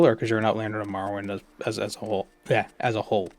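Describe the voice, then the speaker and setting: A man's voice: fairly low pitch, level tone, racing, a little mellow, slight background noise. A man streaming a game, musing aloud in a rambling way full of fillers and restarts. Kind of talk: casual gameplay commentary.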